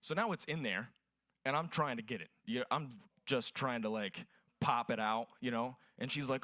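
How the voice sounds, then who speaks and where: A man's voice: medium pitch, moderate pace, pushed and bright, no room sound. A young man performing a crude stand-up set at an open mic, telling profane stories. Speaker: stand-up comedian.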